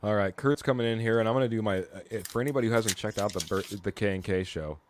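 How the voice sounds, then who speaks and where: A man's voice: lowish voice, quick pace, noisy background. A man hosting a casual sports chat, chatty and steering the talk between guests. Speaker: host.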